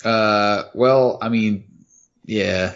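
A man's voice: on the low side, fairly even intonation, drawn-out words, fairly bright tone. A man co-hosting a podcast in casual chat, making dry, wry remarks. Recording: dull lo-fi sound.

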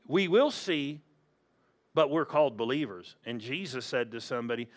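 A man's voice: mid-range voice, expressive, normal speed. A male pastor preaching a sermon in a humorous, storytelling way, acting out the people in his stories.

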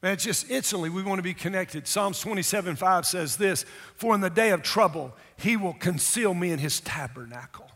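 High-voiced emphatic male preacher. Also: a little fast, hardly any pauses, fairly bright tone. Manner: emphatic, calls for audience response. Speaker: pastor. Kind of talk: sermon. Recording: long hall reverb.

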